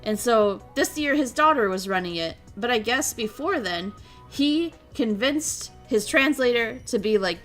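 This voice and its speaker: A woman streamer chatting casually, telling a story in an excitable way, laughing often and acting out what people said. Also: a little high, measured pace, faint music behind. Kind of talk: casual chat.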